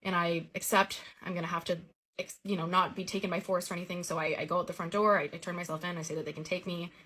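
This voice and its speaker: A woman's voice: on the low side, flat delivery, quick pace, bright, forceful tone. A woman telling the story of a recurring childhood dream in a casual, earnest way.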